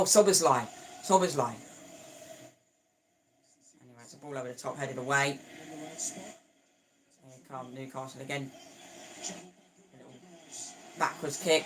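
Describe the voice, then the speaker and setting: A man's voice: medium pitch, steady tone, normal speed, pauses often, pushed and bright, slight background noise. Chatty man commentating a football match live. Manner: chatty and opinionated, with frequent restarts and stumbles. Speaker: football watchalong streamer.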